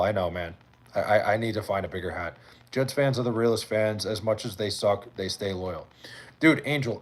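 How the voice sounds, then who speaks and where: A man hosting a livestream, telling a long, profane story full of fillers and answering viewers' chat messages. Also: fairly low pitch. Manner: reads and answers chat comments. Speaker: livestream host. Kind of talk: casual chat with live viewers.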